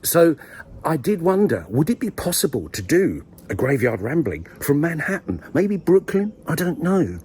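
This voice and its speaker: A man's voice: on the high side, sing-song, normal speed, a little mellow, a little hiss or hum. A man, rambling wryly to camera in a village graveyard, full of hesitant ums and dry asides. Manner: wry, dry humour, hesitant with many ums. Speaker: vlogger. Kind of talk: casual rambling monologue.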